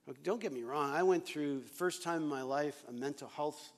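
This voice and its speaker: Addressing fellow pastors, a man delivers a heartfelt, confessional sermon at a moderate pace in a fairly high-pitched voice, swinging from quiet passages to loud ones.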